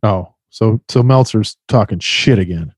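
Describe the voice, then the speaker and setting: A man's voice: on the low side, measured pace, breathy edge, no echo. A man co-hosting a podcast, joking wryly and swearing casually. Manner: wry, joking, profane. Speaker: podcast co-host. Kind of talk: casual chat.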